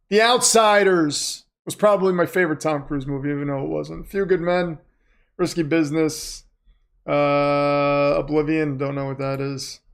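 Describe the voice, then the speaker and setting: Guy hosting a live watch stream, slightly high voice, rambling casual chat, reads the chat out loud. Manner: chatty, reads viewer comments aloud, muses off-topic. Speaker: livestream host reacting to a football game.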